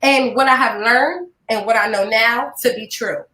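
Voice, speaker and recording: A woman hosting a podcast in casual chat, animated and blunt, swearing freely and laughing often. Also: a little high, moderate pace, echoey room, poor audio. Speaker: podcast host.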